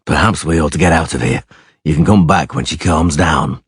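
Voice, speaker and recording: A man voicing a gruff, dry-witted monster hunter, speaking low and terse, a little deeper than his own voice. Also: normal speed, no echo, full character voice. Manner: low, terse, dryly sarcastic.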